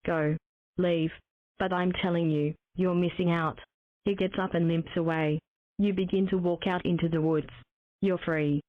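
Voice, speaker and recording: A synthetic woman's voice reading game text aloud in an even, mechanical way. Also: on the low side, moderate pace, no room sound. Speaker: text-to-speech game narrator. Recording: tinny phone-like dry sound.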